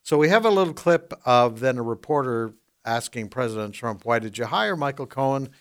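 A man hosting a political talk radio show, delivering the news in a measured way and laughing often. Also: medium pitch, lively intonation.

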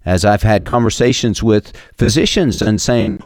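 Male radio host, very low voice, dry close studio sound, emphatic repetitive monologue. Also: lively intonation, moderate pace, hardly any pauses, darkish tone, no echo. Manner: emphatic and repetitive, mocking opponents in quoted voices. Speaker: radio talk show host.

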